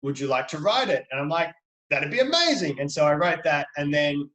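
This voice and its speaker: A man's voice: fairly high pitch, fairly quick, fairly bright tone, echoey room, low-quality recording. A middle-aged Australian man, a children's book author, chatting eagerly as a guest on a video call. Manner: chatty, enthusiastic, playful. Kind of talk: video call interview for kids.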